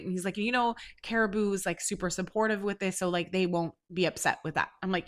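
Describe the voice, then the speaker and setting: A congested woman in her forties, a podcast host telling a story casually, swearing and rising to loud outrage. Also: on the low side, fast. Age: 40s.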